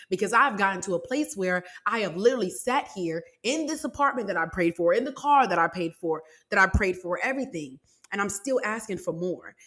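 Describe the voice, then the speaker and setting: A woman's voice: medium pitch, fairly bright tone. Woman, 20s, podcast host, earnest, conversational, personal faith talk. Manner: earnest, conversational, addresses listeners directly. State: close to tears.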